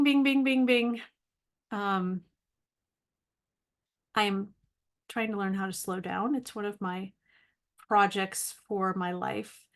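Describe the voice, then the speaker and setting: A middle-aged woman chatting to camera in her video diary. She rambles in a friendly, self-deprecating way, filling pauses with ums, and her pitch sits in an ordinary middle range. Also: a bit bright. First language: English. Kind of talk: casual vlog monologue.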